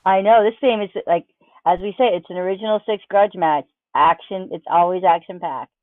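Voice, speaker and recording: A woman's voice: lowish voice, brisk, dry recording, narrow, tinny audio. A woman guest on a hockey stream, chatting in a bubbly, playful fan manner. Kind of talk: casual chat.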